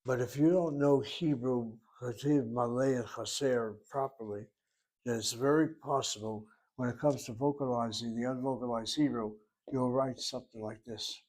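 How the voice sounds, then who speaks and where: A man of middle pitch gives a Hebrew grammar lesson. He works patiently through each syllable and spelling, reasoning aloud like a teacher at a whiteboard. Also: fairly even intonation, moderate pace, darkish tone. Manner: methodical, talks through each step aloud. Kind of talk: grammar lecture.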